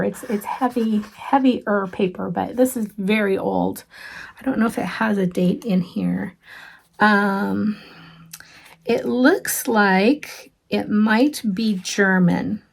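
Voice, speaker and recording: Home craft vlogger, woman; unhurried, gravelly, gushing show-and-tell with soft asides. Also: mid-range voice. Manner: chatty, gushing, with frequent ums and soft asides. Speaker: cross-stitch vlogger. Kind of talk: casual show-and-tell chat.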